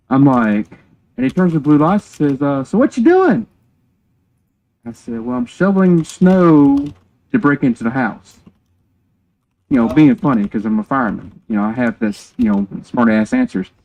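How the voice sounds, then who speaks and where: A man's voice: mid-range voice, warm tone, highs cut off. A man, chatting on a game stream and telling a joking, rambling story with casual swearing. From North Carolina, USA.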